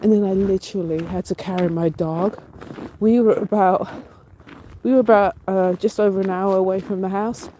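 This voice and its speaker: A vlogger streaming from a cold outdoor walk, telling a story in an animated way with startled outbursts, recorded on a handheld phone. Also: mid-range voice, normal speed. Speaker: livestreaming vlogger. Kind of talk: casual walk-and-talk livestream. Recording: noisy outdoor phone audio.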